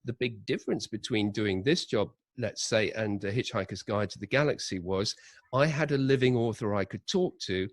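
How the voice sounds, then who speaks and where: Low-voiced man telling production stories. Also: normal speed, no room sound. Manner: animated anecdotes with acted-out quotes. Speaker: audio drama director, interview guest. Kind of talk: conversational interview storytelling.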